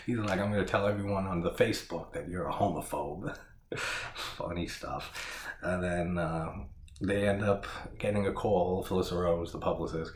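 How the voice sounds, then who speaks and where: A man with a very low voice recaps a horror sequel in casual talk, laughing often and swearing as he quotes lines from it. He sounds like he is in an echoey room, with a faint hum behind him. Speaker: horror movie reviewer.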